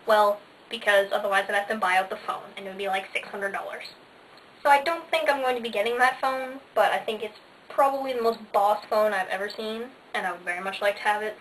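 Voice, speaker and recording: A woman's voice: mid-range voice, fairly even intonation, a little fast, fairly bright tone. A teenage girl vlogging casually, bubbly and sarcastic, with lots of "like" fillers. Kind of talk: casual chatty vlog. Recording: faint hiss, slightly distant mic.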